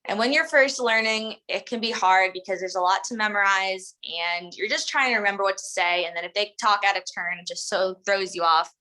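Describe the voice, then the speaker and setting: A woman's voice: medium pitch, brisk, few pauses, bright, forceful tone, rough recording. A woman coaching a sales team in a casual, chatty way, full of "like" and "um", acting out the lines they should say. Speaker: sales trainer. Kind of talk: casual instructional talk.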